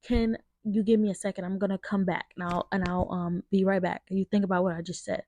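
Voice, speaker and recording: A woman's voice: mid-range voice, flat delivery, brisk, a little mellow. A young woman hosting a podcast, telling a personal story in a candid, emotional way, with lots of "like". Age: young adult. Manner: emotional, candid, with frequent fillers like "like". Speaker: podcast host. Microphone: changed to a lower-quality mic partway.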